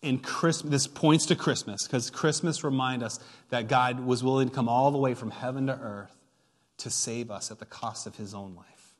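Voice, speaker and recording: A man's voice: medium pitch, normal speed. A man preaching a sermon as pastor, retelling a story with playful asides and emphatic build-ups. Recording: long hall reverb.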